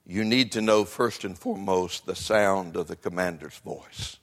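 An older man preaching a sermon, swinging between quiet talk and shouting. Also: low voice, normal speed. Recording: long echo of a large hall.

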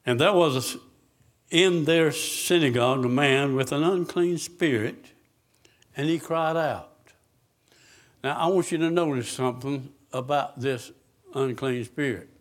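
A man's voice: mid-range voice, measured pace. A man preaching a sermon, asking the congregation questions and answering them himself.

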